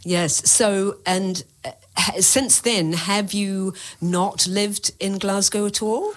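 Female interviewer, mid-pitched, encouraging, short affirmations. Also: fairly even intonation, slow. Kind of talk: interview questions.

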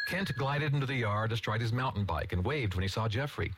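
A man narrating a story aloud, expressive and doing voices for each character. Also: on the low side, fairly quick, slightly rough, poor audio. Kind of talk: audiobook story reading.

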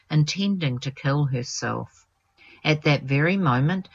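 A narrator reading the life of a saint aloud in a measured, reverent way, with a few small slips. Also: mid-range voice, lo-fi sound.

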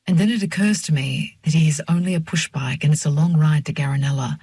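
An older woman narrating a first-person audiobook in a measured, reflective way. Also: low-pitched, creaky, warm tone, breathy edge, no room sound.

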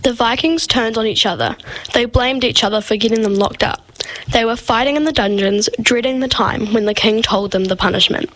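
A woman narrates a story in a somewhat high voice. Her reading is measured and even. She keeps a plain storytelling tone. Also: poor audio. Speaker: story reader.

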